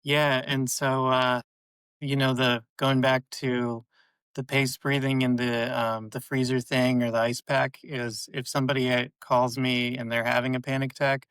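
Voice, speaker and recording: A man, a clinical psychologist, answering interview questions in a calm, measured, instructive way. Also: mid-range voice, clear, resonant tone, no room sound, rough recording.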